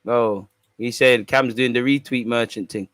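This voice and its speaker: A man's voice: mid-range voice, fairly even intonation, unhurried, a bit bright, no echo. A man hosting a fan channel, casually reading and answering viewer comments in a slangy, bantering way. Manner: slangy, laid-back, bantering.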